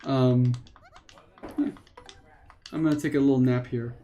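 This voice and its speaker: A man's voice: mid-range voice, steady tone, unhurried, warm tone. A man livestreaming a video game, chatting loosely with friends and greeting viewers in chat. His delivery is casual and self-deprecating, with faint game music behind. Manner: reads chat, jokes, self-mocking. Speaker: streamer.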